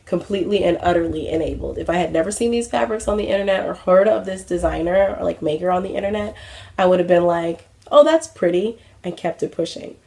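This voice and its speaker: A woman's voice: fairly low pitch, fast, creaky, warm tone. A young adult woman hosting a craft vlog, chatting casually with many fillers and self-mocking asides. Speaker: craft vlogger. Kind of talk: casual chat.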